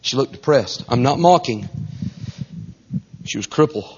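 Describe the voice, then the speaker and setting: A man with a Southern US accent preaches a folksy, animated storytelling sermon, falling to a hush and then rising loud. His mid-range voice has a breathy edge and a measured pace, and the recording is dull and lo-fi.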